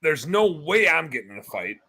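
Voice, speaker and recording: A man's voice: on the high side, big pitch swings, fairly quick, bright, forceful tone, husky, no room sound. A man chiming in with jokes and teasing during a casual chat with a friend. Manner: joking, teasing, chimes in. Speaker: podcast co-host. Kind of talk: casual banter.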